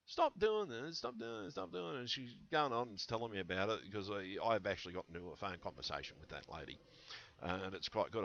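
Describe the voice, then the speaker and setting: A man's voice: low voice, bright, forceful tone. A man rambling to his viewers in a conspiratorial vlog monologue, full of fillers and restarts, on a headset mic. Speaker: vlogger. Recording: dull lo-fi headset audio.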